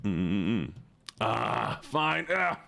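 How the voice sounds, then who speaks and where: A man's voice: on the low side, sing-song, drawn-out words, creaky, pushed and bright, dry recording. A man streaming games and chatting casually with his viewers in a laid-back, teasing way. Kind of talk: casual chat with viewers while gaming.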